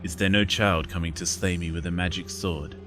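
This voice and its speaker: A man doing a monumental ancient serpent, scornful and menacing, with a very deep, low voice. It speaks slowly and grandly, like a game creature reading out a doom-laden prophecy, with game music playing behind it. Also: steady tone, lightly acted. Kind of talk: reading game dialogue aloud in a put-on voice.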